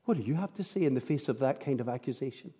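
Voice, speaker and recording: A man's voice: medium pitch, animated, fast talker, mellow, breathy edge. A man preaching a sermon, earnest and full of rhetorical tag questions.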